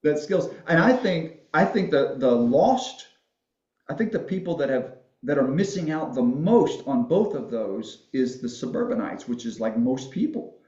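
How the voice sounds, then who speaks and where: A man's voice: mid-range voice, very animated, unhurried, a little mellow, roomy sound, muffled recording. A man guest on a podcast, telling folksy, rambling stories in casual conversation and laughing at his own jokes. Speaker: podcast guest, family history filmmaker.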